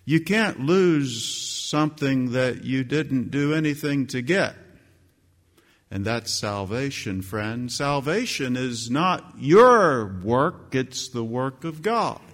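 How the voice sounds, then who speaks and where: Slow, emphatic preacher in a hall. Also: male voice, expressive. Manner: emphatic preaching that leaps higher and louder on scripture quotes. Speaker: pastor. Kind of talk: sermon. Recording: long hall reverb.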